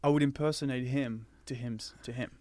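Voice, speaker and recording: A man's voice: mid-range voice, fairly even intonation, brisk, warm tone. A man with an Australian accent, chatting as a guest on a podcast and dropping into playful impressions. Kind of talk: casual podcast conversation.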